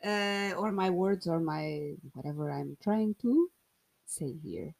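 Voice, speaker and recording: A woman's voice: lowish voice, expressive, slow pace, creaky, darkish tone. A woman in her thirties from Portugal with a Portuguese accent, hosting a solo podcast in a playful, rambling, self-mocking way. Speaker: podcast host.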